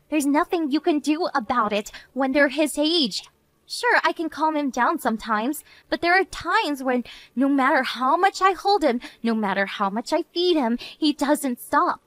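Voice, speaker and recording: A woman's voice: high-pitched, unhurried, no echo. A woman voicing a worn-out young wife and mother who argues earnestly with her husband. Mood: pleading. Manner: earnest, pleading, then flat and resigned. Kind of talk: animated story narration.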